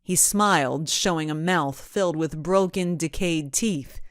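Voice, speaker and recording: Woman reading a kids audiobook, low voice, slow and expressive, dry close sound. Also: clean tone, dry recording. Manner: expressive, measured. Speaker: audiobook narrator. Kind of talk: scripted storybook narration.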